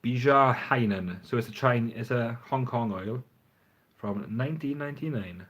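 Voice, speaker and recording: A man's voice: mid-range voice, moderate pace. Man, casual livestream chat, rambling, frank, swears a bit, phone mic. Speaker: fragrance reviewer. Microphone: phone front camera.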